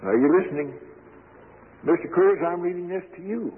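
A man's voice: sits high, animated, narrow, tinny audio. Earnest preacher man on old radio. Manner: earnest, emphatic, slows down to stress words. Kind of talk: storytelling sermon. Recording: thin echoey old radio broadcast.

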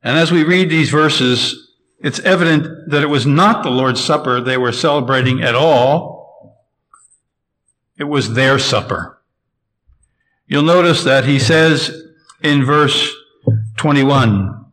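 A man's voice: on the high side, fairly bright tone, rough recording. Emphatic man preaching a sermon. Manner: measured and emphatic, slowing to stress key phrases. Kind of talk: expository sermon.

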